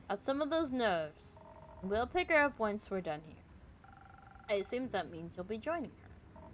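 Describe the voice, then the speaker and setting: A woman voicing a cheery young woman adventurer who exclaims eagerly and talks loudly and brightly. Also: medium pitch, slight background noise, lightly acted. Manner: bubbly, exclaiming.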